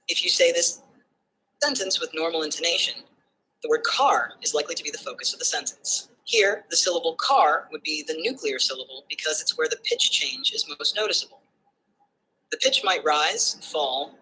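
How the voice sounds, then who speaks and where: A text-to-speech assistant voice giving smooth, structured explanations in numbered points. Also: medium pitch, lively intonation, normal speed, sharp tone, poor audio. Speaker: AI assistant answering questions.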